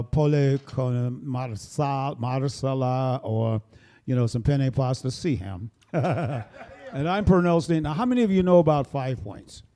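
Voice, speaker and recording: A man's voice: mid-range voice, warm tone. Jovial older man rambling on stage. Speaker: bandleader introducing musicians. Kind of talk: casual stage banter. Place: small performance space, live audience. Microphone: stage microphone.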